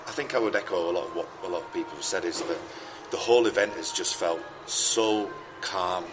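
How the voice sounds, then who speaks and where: A man as a roundtable guest, speaking in a measured, thoughtful way and often restarting phrases. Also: low-pitched, over music. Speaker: podcast guest. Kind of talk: casual roundtable chat.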